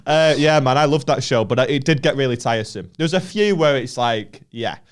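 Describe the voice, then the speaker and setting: A man's voice: medium pitch, fairly quick, clean tone. A young northern English man co-hosting a comedy podcast in casual, sweary banter, laughing often. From Northern England. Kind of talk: casual chat.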